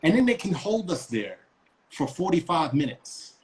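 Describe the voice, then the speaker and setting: A man's voice: fairly high pitch, sing-song, normal speed, a little hiss or hum. Profane storytelling man in a roomy space. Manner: profane, emphatic, with many restarts. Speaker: podcast co-host. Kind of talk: casual storytelling. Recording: roomy echo.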